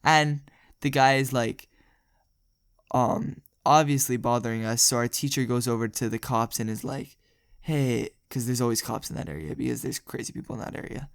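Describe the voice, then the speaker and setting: Young male vlogger, gravelly voice, dry close sound, rambling storytime delivery. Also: medium pitch, fairly even intonation, fairly quick, dry recording. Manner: rambling, jokey, laughs often. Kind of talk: casual storytelling.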